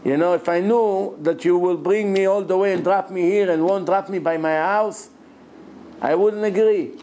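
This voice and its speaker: A man's voice: high-pitched, steady tone, normal speed, mellow, a little hiss or hum, natural voice, low-quality recording. A man doing a stubborn, demanding old man. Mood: angry. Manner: insistent, complaining, later furious.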